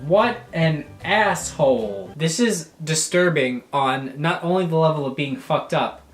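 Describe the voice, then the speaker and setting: A man's voice: fairly high pitch, measured pace. A man reads a clumsy fanfiction aloud in a comedy video and keeps stopping to mock it with sarcastic, swearing asides. His voice bounces around an echoey room. Faint guitar music plays behind him. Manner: incredulous, sarcastic commentary with frequent swearing. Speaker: YouTuber.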